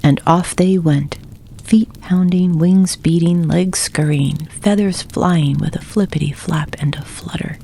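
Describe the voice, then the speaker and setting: A woman reading a children's storybook aloud for bedtime, soft and gentle. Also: fairly low pitch, a little slow, creaky, slightly rough. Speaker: narrator.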